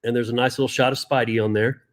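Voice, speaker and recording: A man's voice: medium pitch, little pitch movement, quick pace. A man in his fifties co-hosting a casual chat, telling rambling stories with chuckles. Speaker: co-host. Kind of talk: casual chat about comic collecting.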